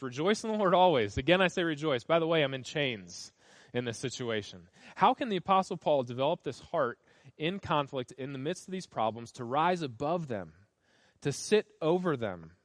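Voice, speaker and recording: A man's voice: a little high, no room sound. A male pastor preaching a sermon, reading scripture aloud and stressing key phrases by repeating them.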